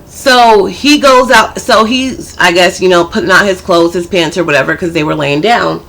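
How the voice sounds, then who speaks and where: A woman's voice: on the low side, normal speed, creaky, fairly bright tone, slight background noise. A woman vlogger casually telling a personal story, chatty and full of profanity. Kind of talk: storytime vlog.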